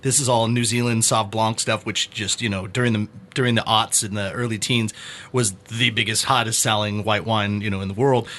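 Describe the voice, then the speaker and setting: A man hosting a podcast, telling an anecdote in an animated, casual way. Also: lowish voice, brisk. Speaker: podcast host. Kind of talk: casual chat, storytelling.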